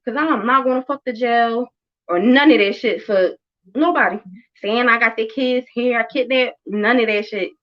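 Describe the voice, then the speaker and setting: A woman around thirty hosts a casual chat and tells a story about parenting. Her voice sits a little high, and the lo-fi recording sounds muffled. She talks bluntly and emphatically, with lots of swearing and repetition. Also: normal speed. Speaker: podcast host and mother.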